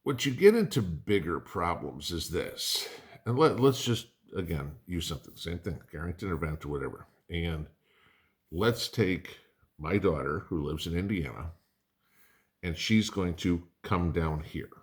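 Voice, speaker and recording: Middle-aged man, very low voice, rambling casual vlog host. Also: lively intonation, measured pace. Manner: conversational, rambling, folksy asides. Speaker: prepping channel host. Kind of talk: casual talk to camera.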